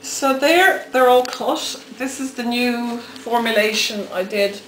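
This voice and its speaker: A woman's voice: fairly high pitch, slow, fairly bright tone, roomy sound, a little hiss or hum, low-quality recording. A woman with a Dublin Irish accent hosting a soap-making video, chatting casually and teasing as she cuts soap. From Ireland. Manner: chatty, teasing, self-mocking. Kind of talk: casual chat while cutting soap.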